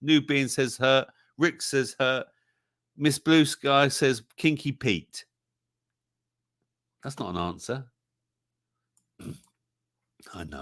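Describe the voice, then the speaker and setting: A man's voice: medium pitch, slow, long pauses, fairly bright tone, no room sound, studio quality. A man hosting a livestream song quiz in a jokey, casual way, reading out the chat's answers. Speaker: livestream show host.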